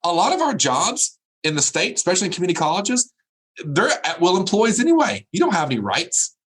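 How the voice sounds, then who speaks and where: A husky-voiced man delivers a motivational keynote over a remote video call. He preaches with emphasis and leans on repeated phrases. His pitch swings widely, rising and falling as he drives each point home. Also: wildly swooping pitch, brisk, fairly bright tone. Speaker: keynote speaker.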